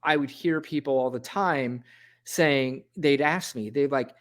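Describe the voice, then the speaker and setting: A man's voice: medium pitch, a little slow. A man hosting a podcast, talking frankly and casually about politics. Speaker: podcast host.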